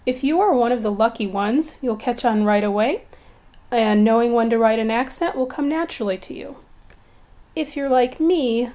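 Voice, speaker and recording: A woman teaching a Spanish lesson in clear, patient, scripted narration, speaking to beginners in an encouraging way. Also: fairly high pitch, normal speed, dark tone.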